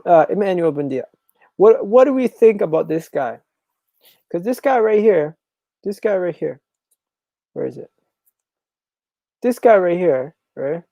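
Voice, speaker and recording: Guy hosting a live football stream, gravelly mellow voice, keeps repeating himself, dry sound. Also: sits high, dry recording, low-quality recording. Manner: repetitive, restarts phrases, animated and chatty. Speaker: football channel host. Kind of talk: live stream chat reading comments.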